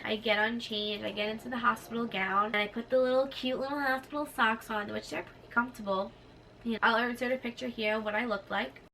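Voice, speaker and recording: Bright-voiced young woman vlogger, slightly distant. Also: fairly quick. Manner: animated, acts out nurses' lines in a higher voice. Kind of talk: casual storytelling to camera. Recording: slightly distant mic with faint room noise.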